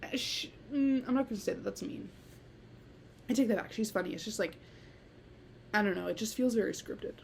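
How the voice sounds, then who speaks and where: A teenage girl talks to her listeners in a loose, rambling solo podcast, filling her sentences with "like" and breaking into giggles. Her voice sits at a middle pitch with a soft, mellow tone. A faint hiss runs underneath. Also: brisk, vocal fry, long pauses. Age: late teens. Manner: rambling, heavy use of "like", giggly. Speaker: podcast host. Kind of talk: casual solo podcast chat.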